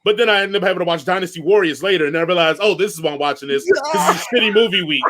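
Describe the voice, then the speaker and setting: A man with a high voice rants in casual podcast chat, animated and jokey. He swears freely and keeps the talk loose. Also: rapid-fire. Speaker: podcast co-host. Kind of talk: casual movie review chat.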